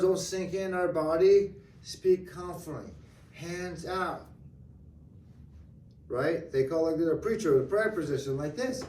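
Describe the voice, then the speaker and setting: A man teaching a real estate training class live, acting out client dialogue in an animated way. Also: high-pitched, a little hiss or hum. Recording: echoey room from far off.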